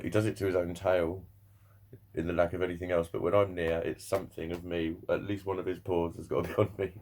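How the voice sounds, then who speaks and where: A young man talks in a low voice, rambling loosely from one thought to the next. He swears freely and breaks into laughter often as he chats to camera. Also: darkish tone. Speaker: vlogger. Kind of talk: casual chat to camera.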